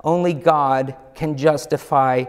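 Male pastor, high pitch, unhurried emphatic sermon delivery, hall reverb. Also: steady tone, clear, resonant tone. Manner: emphatic, rhetorical questions.

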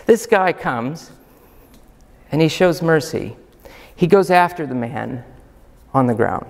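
A man's voice: a little high, expressive, slow, vocal fry. A man, a pastor preaching a sermon in a church hall, emphatic and full of rhetorical questions. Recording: long hall reverb.

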